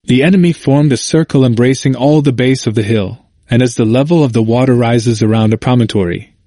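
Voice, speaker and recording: A man narrating a history audiobook in a measured, formal manner. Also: medium pitch, dark tone, no echo, studio quality.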